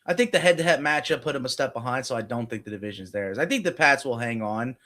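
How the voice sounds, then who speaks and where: Man, podcast co-host, relaxed casual sports talk, filler-heavy delivery, average pitch. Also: fast talker. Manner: relaxed, thinking aloud with many fillers. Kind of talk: casual sports betting chat.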